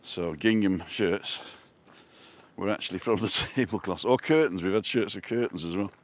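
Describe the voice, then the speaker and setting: A middle-aged man with a Manchester accent, chatting casually and rambling through asides while filming on a seaside walkway. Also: deep voice. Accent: Manchester English. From North West England. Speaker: vlogger. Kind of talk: casual walking vlog.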